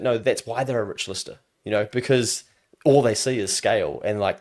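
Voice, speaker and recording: A man's voice: medium pitch, fairly quick. A man with a New Zealand accent, talking casually as a guest on a podcast and acting out other people's voices in his stories. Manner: animated storyteller who acts out quoted voices. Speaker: business adviser guest.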